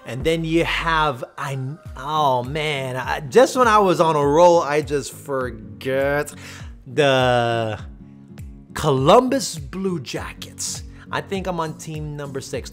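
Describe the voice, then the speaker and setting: Higher-voiced man rambling over faint music. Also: fairly bright tone. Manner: rambling, thinks aloud with repeated restarts. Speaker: artist commenting on his own speed painting. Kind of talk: casual voice-over commentary.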